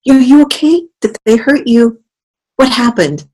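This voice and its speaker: A woman's voice: extremely low pitch, little pitch movement, fast talker, a little mellow, low-quality recording. Woman doing a worried father mosquito. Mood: alarmed. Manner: worried, warning. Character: anxious protective father mosquito.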